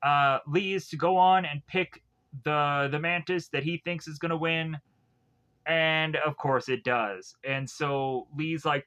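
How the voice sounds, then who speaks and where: A man's voice: medium pitch, fairly even intonation, normal speed, pushed and bright, smooth. A man recapping a film plot in a loose, casual way, full of fillers and self-corrections, paraphrasing what the characters say. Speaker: film reviewer.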